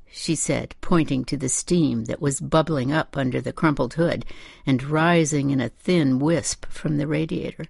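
A woman reading a first-person memoir in a measured, restrained narration. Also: sits low, gravelly, husky, no echo, clean studio sound.

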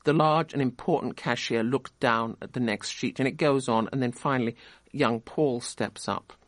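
A man's voice: medium pitch, normal speed, dry recording. Man lecturing on a novel, dry sound. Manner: conversational, explanatory, with restarts. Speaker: literature lecturer. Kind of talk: lecture with read-aloud passages.

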